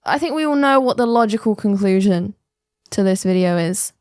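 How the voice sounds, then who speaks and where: A woman's voice: mid-range voice, expressive, moderate pace, darkish tone, no room sound, clean studio sound, soft background music. A woman hosting a reaction commentary, blunt and sarcastic. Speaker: commentary host.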